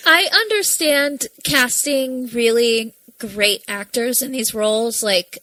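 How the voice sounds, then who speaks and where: A woman's voice: on the high side, takes it slowly, pushed and bright, no echo, rough recording. A young woman co-hosting a casual podcast, chatty and profane, laughing often. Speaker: podcast co-host. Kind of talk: casual chat.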